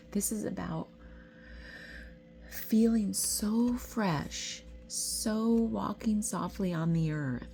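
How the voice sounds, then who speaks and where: A middle-aged woman giving an intuitive tarot reading to camera. She is tearful and tender, and drifts into soft whispers when she is moved. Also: on the low side, creaky. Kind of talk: emotional spiritual talk to camera.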